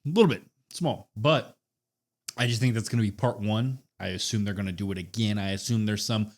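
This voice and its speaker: A man co-hosting a podcast, giving a laid-back but enthusiastic casual wrestling recap. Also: on the low side. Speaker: podcast co-host.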